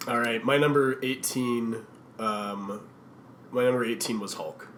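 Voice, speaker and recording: A man's voice: medium pitch, a little slow, fairly bright tone, slight background noise. A man co-hosting a podcast in casual chat, rambling and searching for his words. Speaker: podcast co-host. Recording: roomy echoey recording.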